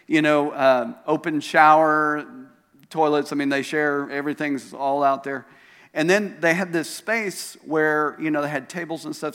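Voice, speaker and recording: Recorded live in a reverberant church auditorium, a pastor with a slightly high, somewhat bright voice tells a story mid-sermon. He animatedly acts out the voices of the people he quotes.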